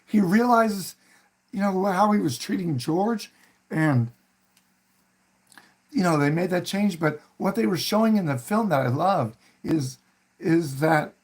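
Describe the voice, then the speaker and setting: A male host with a slightly higher-than-usual, breathy-edged voice casually discusses a favorite film at an easy, rambling pace. He often pauses with fillers and restarts sentences, and raises his voice to act out characters' lines when quoting them.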